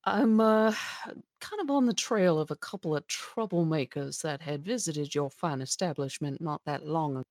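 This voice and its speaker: A genteel, courteous adventurer woman with a formal, proper way of speaking, voiced by a woman. The voice sits low and soft, close and dry with no room around it. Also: lively intonation, normal speed, no echo.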